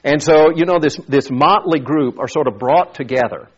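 Husky-voiced man preaching a sermon. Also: fairly high pitch, moderate pace. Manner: conversational, repeats words while thinking. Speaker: pastor. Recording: dull lo-fi sound.

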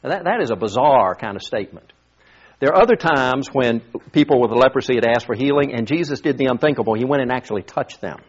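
A man's voice: mid-range voice, lively intonation, fast talker, slightly rough. A pastor preaching a sermon in a conversational way, often repeating words as he thinks. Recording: dull lo-fi sound.

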